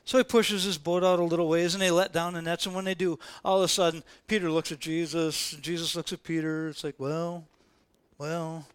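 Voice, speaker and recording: A man preaching a sermon, retelling scenes in a lively, casual storytelling way and acting out the quoted voices with slang. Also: on the high side, fast, hardly any pauses, clear, resonant tone. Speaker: pastor.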